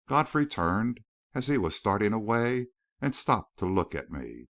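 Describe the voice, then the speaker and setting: Low-pitched man narrating a classic mystery audiobook with varied, animated delivery. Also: unhurried. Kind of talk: first-person novel narration.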